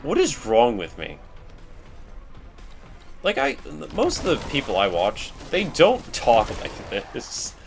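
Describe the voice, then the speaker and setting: A man's voice: medium pitch, wildly swooping pitch, slow pace, gravelly, pauses often, soft background music. A man rambling in casual, self-deprecating commentary while he plays a video game. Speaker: let's play host.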